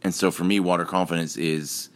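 Very deep-voiced man explaining calmly. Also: fairly quick. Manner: talks through examples step by step. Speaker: podcast host. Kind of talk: casual explanatory chat.

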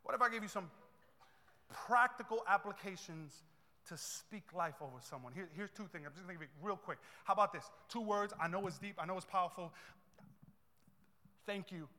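Guy pastor preaching, really high voice for a man, goes quiet then builds up loud, big echoey church hall. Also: expressive, brisk. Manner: swings from soft asides to loud preaching, repeats phrases. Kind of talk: sermon. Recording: long reverb in a large hall.

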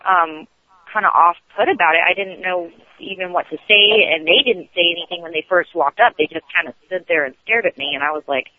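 A man's voice: high voice, brisk, no echo. A man, a radio show guest calling in, rambling through a story with many restarts. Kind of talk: casual storytelling on a call-in. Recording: tinny phone line.

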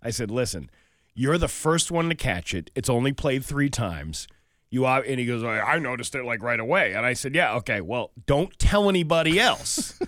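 A man's voice: medium pitch, normal speed, no room sound, clean studio sound. A man casually telling a funny workplace story, acting out what people said. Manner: animated storyteller, acts out quotes, sings a snippet.

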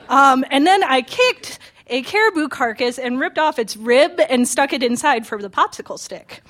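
Twenty-something woman from pennsylvania, high bright voice, chatty storyteller. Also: animated, a little slow, pauses often. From Pennsylvania, USA. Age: 20s. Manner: chatty, self-mocking, many ums and restarts. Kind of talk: live personal storytelling.

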